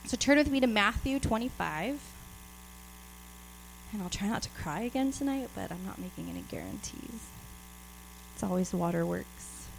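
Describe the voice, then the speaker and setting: A woman's voice: medium pitch, big pitch swings, normal speed, vocal fry, pauses often, a little hiss or hum, poor audio. A woman giving an informal, personal sermon and reading scripture aloud. She speaks out of breath, chatty, with laughs and many restarts. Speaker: preacher.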